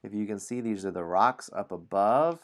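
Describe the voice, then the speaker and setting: A man hosting a solo tabletop game stream, narrating the story slowly and explaining the game sheets. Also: on the low side, expressive.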